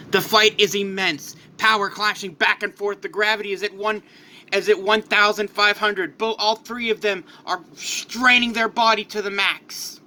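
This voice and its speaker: A man's voice: high-pitched, pushed and bright. A man casually narrating a fan-made what-if story, loose and rambling with restarts.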